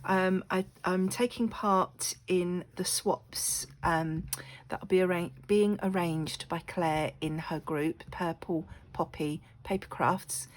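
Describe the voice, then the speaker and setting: A woman's voice: fairly low pitch, fairly even intonation, slow pace, low-quality recording. A woman recovering from a cough, chatting casually in her home craft room, apologetic, with many ums. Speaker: crafting vlogger. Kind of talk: casual chat.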